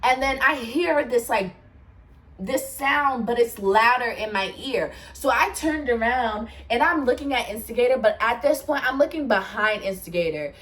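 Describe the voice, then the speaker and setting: Laughing, animated woman telling stories. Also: on the high side, normal speed, recorded from a distance, slight background noise. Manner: animated, swears, laughs often. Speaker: storyteller vlogger. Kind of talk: casual storytime.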